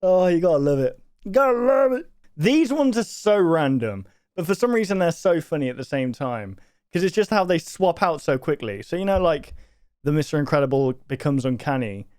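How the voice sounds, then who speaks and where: A man's voice: a little high, big pitch swings, brisk, a little mellow, clean tone, dry recording, studio quality. A young man giving casual reaction commentary, laughing a lot and exclaiming. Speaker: YouTuber reacting to clips.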